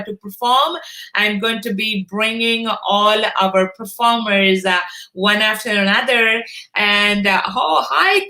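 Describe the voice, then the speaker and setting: A middle-aged woman hosts a live stream in a bright, forceful voice pitched a little high. She greets viewers by name, pausing often on "uh". The sound is roomy and echoey. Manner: warm greetings with many "uh" fillers. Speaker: host of a live online broadcast. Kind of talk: casual live-stream hosting.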